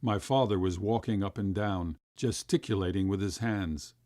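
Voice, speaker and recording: A man reading a classic short story aloud as an audiobook narrator, with expressive storytelling. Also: normal speed, no room sound, studio quality. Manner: expressive storytelling, rising high for quoted voices.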